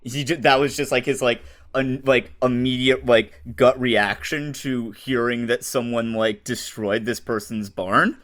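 A man chatting as a tabletop game player, his voice bright and forceful. He rambles through lots of fillers and restarts, breaking into laughs. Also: medium pitch, steady tone, a little slow. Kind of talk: casual tabletop play.

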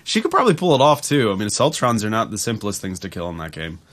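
A man co-hosting a casual podcast chat about a video game, relaxed and jokey, laughing often. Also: on the low side, fast. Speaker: podcast co-host.

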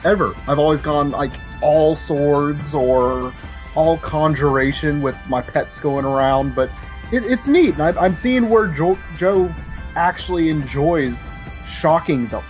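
Guy rambling excitedly about his game, keeps restarting sentences, kinda high voice, faint music behind. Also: a little slow, rough recording. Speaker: podcast guest co-host. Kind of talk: casual gaming chat.

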